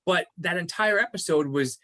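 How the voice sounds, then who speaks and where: A man's voice: sits high, normal speed, pushed and bright. A man co-hosting a podcast, chatting casually about a series, rambling and repeating words as he thinks. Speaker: podcast co-host reviewing a series. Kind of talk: casual chat.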